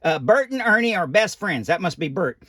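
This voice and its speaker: A man's voice: sits high, sing-song, normal speed, bright, forceful tone, no echo, clean studio sound, heavily acted. A man voicing a folksy old animatronic doll who reads a children's picture book aloud with rambling asides and loose grammar. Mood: chatty.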